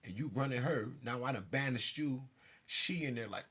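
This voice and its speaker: A man's voice: medium pitch, normal speed, a bit bright, breathy edge. A man delivering an intense, profane monologue straight to his listeners, jumping around as he talks. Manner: jumps around while talking. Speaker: self-styled spiritual figure. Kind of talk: ranting monologue to camera.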